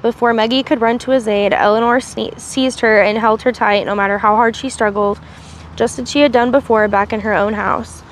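A woman reads a novel aloud on a livestream, her voice sitting a little high. She catches small slips and restarts mid-sentence as she goes. Faint traffic and outdoor noise hum in the background. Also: fairly even intonation, normal speed. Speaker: reader.

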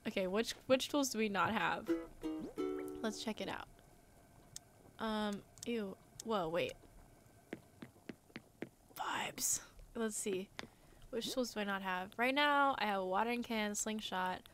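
A woman's voice: mid-range voice, unhurried, music in the background. A young American woman, a musician streaming a game, chatting casually and rambling through stories between frequent laughs. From United States. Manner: chatty, rambling storyteller who often laughs. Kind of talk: casual chat while gaming.

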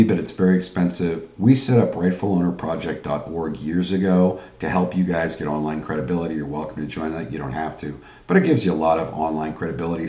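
A man's voice: sits low, warm tone, reverberant, lo-fi sound. A man giving a sales training lecture in a pushy pep-talk manner, often asking "right?" and calling the audience "guys.".

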